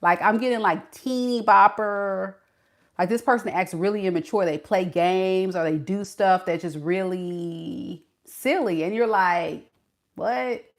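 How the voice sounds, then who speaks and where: A woman's voice: lowish voice, moderate pace, few pauses. Sassy woman giving a tarot reading. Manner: sassy, playful, talks straight to the viewer with slang. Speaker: tarot reader.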